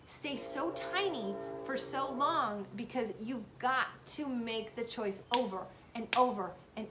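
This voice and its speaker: A fairly high-voiced woman in her thirties talks straight to her viewers in a casual motivational style. She is earnest and emphatic and keeps repeating phrases to drive her point home. A faint low rumble sits under the recording. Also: a bit bright. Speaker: self-help video host. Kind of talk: casual motivational talk to camera.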